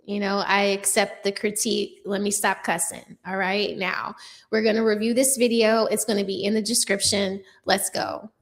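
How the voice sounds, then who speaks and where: A young adult woman with a mid-range voice and little pitch movement talks at normal speed on her casual livestream, where she comments on news. She banters with viewers sassily, swears, and leans on plenty of fillers.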